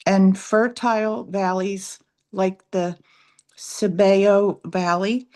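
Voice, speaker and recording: A woman's voice: mid-range voice, steady tone, takes it slowly, darkish tone. A woman reading a text aloud in a live online session, stumbling over names.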